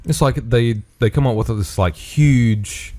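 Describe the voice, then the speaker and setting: A young man co-hosting a podcast, talking casually and excitably and swearing freely. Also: medium pitch, measured pace. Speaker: podcast co-host. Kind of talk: casual chat.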